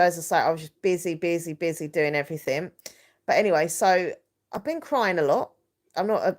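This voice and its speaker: A woman with a slightly low voice hosts a live stream. She rambles and confides with emotion, her sentences full of fillers and restarts.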